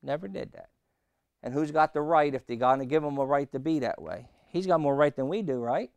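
A man preaching a sermon, emphatic and repetitive, quizzing his listeners and slowing down to read scripture. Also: on the high side, darkish tone, clear, resonant tone, no room sound. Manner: emphatic, repeating phrases and asking the congregation questions; slows right down on scripture quotes.

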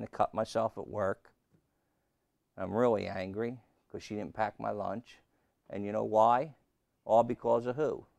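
A pastor preaching a sermon and telling a humorous story, with lots of rhetorical questions. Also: male voice, on the low side, creaky, a little mellow, no room sound. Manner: humorous, repeats key lines.

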